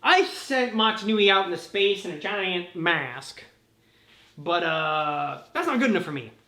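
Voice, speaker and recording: A woman's voice: on the low side, expressive, unhurried, bright, forceful tone. Woman putting on a smug robot overlord villain. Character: gleeful scheming male robot overlord villain. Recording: roomy echo.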